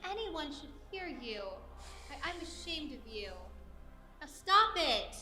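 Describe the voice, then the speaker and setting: A teenage girl playing a flustered mother of the groom in a high school stage play. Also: big pitch swings, takes it slowly, bright, forceful tone, faint music behind, full character voice. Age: teens. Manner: scolding, flustered. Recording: echoey auditorium from a distance.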